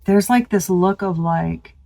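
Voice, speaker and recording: A woman's voice: lowish voice, measured pace, creaky, dark tone, poor audio. A woman reads tarot for her viewers in a loose, chatty way. She is exclamatory and swears freely. She thinks aloud, trailing off mid-sentence and starting over. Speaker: tarot reader. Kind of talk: casual tarot reading to viewers.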